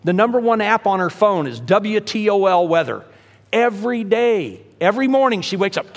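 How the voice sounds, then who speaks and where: A man preaching a sermon as pastor, telling stories in an animated way and acting out the voices he quotes. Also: high voice, normal speed. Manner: animated storytelling, acts out quotes. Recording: long hall reverb.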